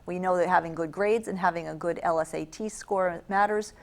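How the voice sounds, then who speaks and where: A woman hosts the interview in a somewhat low voice. She sets up each question in a plain, brisk way. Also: steady tone. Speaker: interviewer host.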